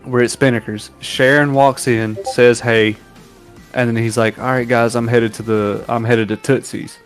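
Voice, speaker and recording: A man co-hosting a casual streamed podcast, telling military stories and acting out shouted quotes. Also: medium pitch, normal speed, faint music behind. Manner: animated, acts out shouted quotes while telling war stories. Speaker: podcast co-host. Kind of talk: casual storytelling on a livestream.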